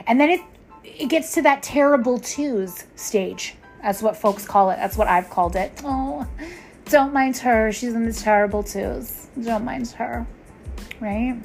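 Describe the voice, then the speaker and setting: A woman hosting her first solo podcast, swearing freely and talking bluntly and emphatically straight to her listeners, tired after an early start. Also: on the high side. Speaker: podcast host. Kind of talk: raw unscripted solo podcast rant.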